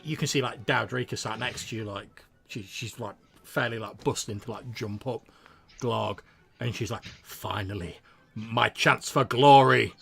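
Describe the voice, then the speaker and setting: Brief: male game master, loose chatty narration, gravelly texture. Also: lowish voice, fairly even intonation, normal speed, a bit bright. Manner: loose, filler-heavy narration.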